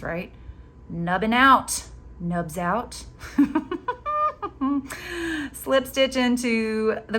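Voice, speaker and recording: Woman, crochet tutorial host, casual, bright voice, playful, chatty, animated. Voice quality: chatty, playful, self-mocking. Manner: animated, jumps in pitch when excited.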